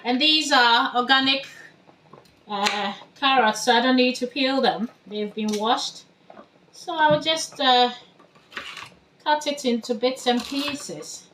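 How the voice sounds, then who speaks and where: A woman's voice: sits high, slow pace, fairly bright tone, slight background noise. A woman from Ghana giving a casual cooking demonstration in her home kitchen, chatting through each step as she works. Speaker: home cook.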